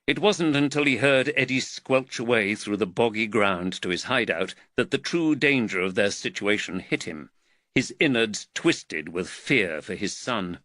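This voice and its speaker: A male audiobook narrator reading with measured, expressive storytelling. His voice is bright and his intonation lively. The recording is dry and close to the mic. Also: fairly low pitch, no echo. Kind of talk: scripted narration.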